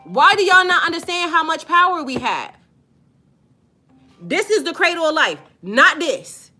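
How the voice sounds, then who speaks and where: High, bright-voiced blunt woman. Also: lively intonation, soft background music. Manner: blunt, emphatic and profane, drawn-out stresses. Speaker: spiritual life coach. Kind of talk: casual unscripted video talk to viewers.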